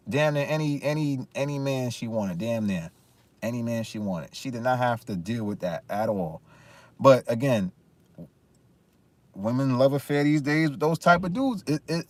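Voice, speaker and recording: A man's voice: medium pitch, darkish tone, no echo. A man in a casual opinion rant, talking emphatically with many restarts and repeated phrases. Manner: emphatic, repetitive, frequent restarts. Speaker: commentary vlogger.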